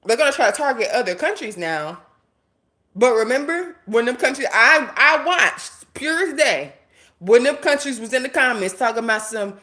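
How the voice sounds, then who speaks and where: With a slightly high voice at a moderate pace, an American woman delivers a casual, blunt livestream rant. She talks right to the chat and her viewers, animated and swearing freely.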